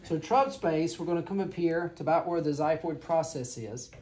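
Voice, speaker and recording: A woman's voice: sits low, moderate pace, dark tone, a little hiss or hum. A woman, teaching a physical exam to a class and checking in with her students as she demonstrates. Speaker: clinical instructor.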